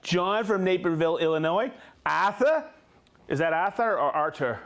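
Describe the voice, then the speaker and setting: An upbeat man hosting a live stream, talking in a fairly high voice that swings up and down with animation. He chats casually and laughs often. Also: lively intonation, moderate pace. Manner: upbeat, reads viewer shout-outs, laughs often. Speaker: host of a live tool show.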